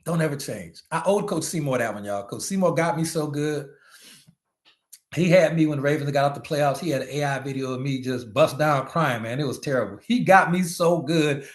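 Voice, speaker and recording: A man giving a motivational leadership talk to network marketers, animated and preachy, with slangy asides and sudden shouts. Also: a little high, a little fast.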